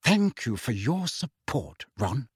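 A man voicing an indignant teenage schoolgirl, sharp and scolding, in an audiobook. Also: a little high, very animated, moderate pace, husky, no room sound, studio quality, pitched above the performer's own voice, full character voice. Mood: curt. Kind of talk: audiobook character voice.

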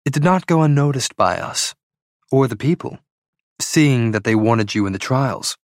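A man's voice: medium pitch, expressive, moderate pace, no room sound, clean studio sound, pitched above the performer's own voice, close to an everyday voice. A man voicing a gracious, formal queen in a storybook reading, speaking politely in a slightly raised voice. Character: middle-aged queen, gracious and measured.

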